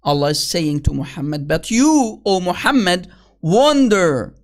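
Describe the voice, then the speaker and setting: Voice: medium pitch, very animated, a little slow. A speaker delivering a rebuttal commentary in a combative, accusatory manner. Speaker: critic making a rebuttal video.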